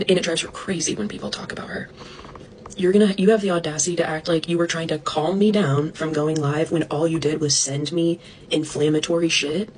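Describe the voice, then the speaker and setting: A young woman ranting to her followers about online drama, indignant, fast-talking and swearing, mocking others in a higher voice. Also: slight background noise, poor audio.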